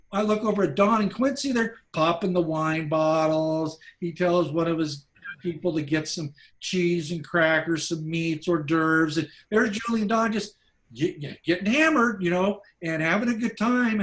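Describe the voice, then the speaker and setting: Filmmaker guy spinning a story for a class, voice sits a bit high, lots of restarts and acted-out bits. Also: a little slow. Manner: animated anecdotes, acts out quoted voices, frequent restarts. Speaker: documentary filmmaker, guest speaker.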